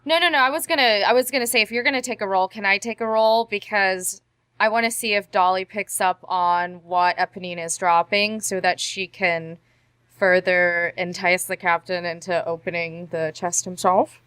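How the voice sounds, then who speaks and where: A woman's voice: medium pitch, fairly even intonation, moderate pace, a bit bright, smooth, no echo. A woman taking part as a player in a tabletop game, polite and upbeat. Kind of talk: tabletop role-play banter.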